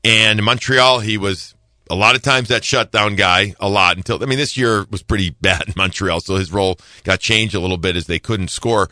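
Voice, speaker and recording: A man's voice: on the low side, a little fast, bright, forceful tone, no echo. A man giving hockey analysis on a podcast, emphatic and repeating himself to stress a point. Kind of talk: podcast sports talk.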